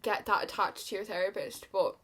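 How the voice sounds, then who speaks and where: A woman's voice: mid-range voice, a little fast, a bit bright. A young Irish woman in her twenties chatting rambly and confiding while she does her makeup at home, full of "like" and "kinda". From Ireland. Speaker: beauty vlogger. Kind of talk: chatty get-ready-with-me talk.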